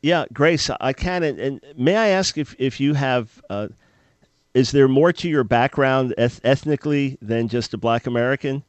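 A man hosting a call-in radio talk show, speaking in an earnest, measured way. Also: medium pitch, dry recording, highs cut off. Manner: earnest, measured, thinking aloud.

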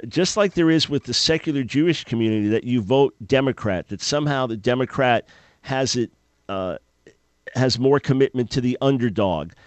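A man hosting a call-in radio talk show, speaking in an earnest, measured way. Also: medium pitch, no echo. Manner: earnest, measured, thinking aloud.

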